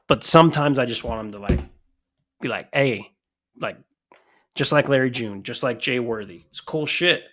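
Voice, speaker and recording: A man's voice: mid-range voice, normal speed. A man co-hosting a wrestling podcast, rambling and swearing in casual chat. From United States. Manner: rambling, profane, animated. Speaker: podcast co-host.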